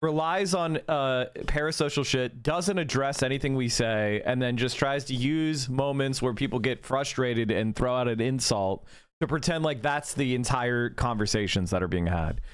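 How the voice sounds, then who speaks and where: A man's voice: medium pitch, normal speed, clean tone, no room sound, studio quality. A young man streaming live, reacting to clips with a profane, scornful rant. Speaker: political streamer.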